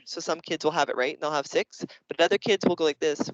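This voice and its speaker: A Canadian man, a teacher, presenting classroom activities to other educators in a lively way, acting out his examples. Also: medium pitch, brisk, dry recording, dull audio. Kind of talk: explanatory workshop presentation.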